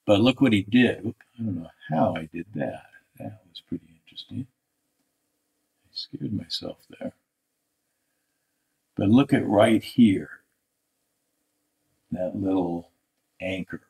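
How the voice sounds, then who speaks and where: Male art instructor, low voice, casual live critique with plenty of thinking aloud and restarts. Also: a little slow, gravelly, pauses often, darkish tone. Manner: thinking aloud, restarts, talks over drawing on screen.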